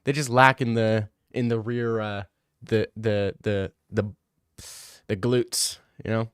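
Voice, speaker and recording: A man's voice: on the low side, flat delivery, slow pace, a bit bright, smooth, no echo, studio quality. A young man hosting a casual livestream Q&A, joking crudely and rambling in slang. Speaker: streamer answering chat questions.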